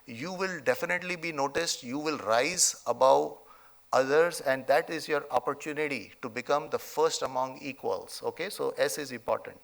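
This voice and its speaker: A man's voice: mid-range voice, moderate pace, vocal fry, a bit bright. A middle-aged man with an Indian accent giving a motivational convocation speech, emphatic, often adding "okay?" and "you know". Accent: Indian English. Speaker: convocation chief guest speaker. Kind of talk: motivational speech with a told story. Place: large convocation hall.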